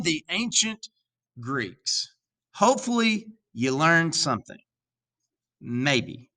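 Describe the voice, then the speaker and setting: A teacher records a lesson for his students in a lively, joking way. His voice is bright and fairly high for a man. He talks straight to the class and drifts into a strange put-on accent. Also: slow pace, pauses often. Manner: animated and jokey, with asides to students; drops into an odd accent for a while. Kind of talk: recorded video lecture.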